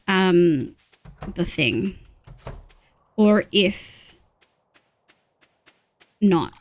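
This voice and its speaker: A young woman from Australia streaming a farming game, chatting casually, gasping with excitement and counting items aloud. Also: medium pitch, very slow, pauses often. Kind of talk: casual gameplay chat.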